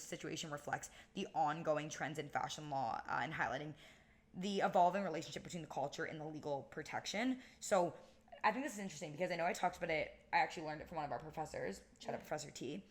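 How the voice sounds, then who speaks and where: A woman's voice: low voice, fast. A young woman co-hosting a casual podcast as a law student, chatty and upbeat, with a lot of "like" in her speech. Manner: chatty, upbeat, heavy use of "like".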